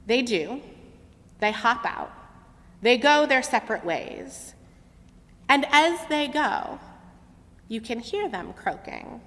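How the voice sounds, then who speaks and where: Brief: woman worship leader, slow and very lively storytelling, long reverb of a big sanctuary. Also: a little high. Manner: lively expressive story-telling. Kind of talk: sermon storytelling. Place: large sanctuary.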